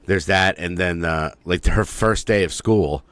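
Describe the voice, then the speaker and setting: Man, 40s, podcast co-host, low and dry, crude storyteller who does voices. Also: a little slow, a bit bright, smooth, no echo. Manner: profane storytelling, mimics teachers in funny voices. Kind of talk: casual chat.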